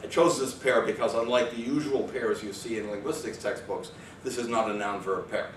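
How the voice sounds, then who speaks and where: A man with a fairly low voice delivers an academic lecture, wandering through his points with fillers and quick self-corrections. He sounds distant from the microphone in an echoey room. A faint hiss sits underneath. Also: fairly even intonation. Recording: echoey room, far mic, faint noise.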